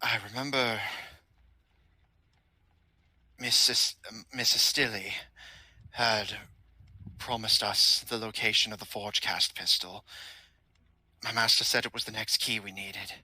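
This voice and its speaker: A man voicing a masked henchman who speaks in a calm, formal, courteous way. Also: on the low side, measured pace, dry recording, exaggerated voice. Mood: recalling.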